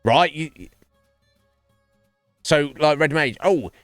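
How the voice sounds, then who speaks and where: A man's voice: on the low side, lively intonation, measured pace, fairly bright tone, dry recording, studio quality, soft background music. A man streaming and chatting casually with his viewers, rambling and swearing freely. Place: home streaming setup.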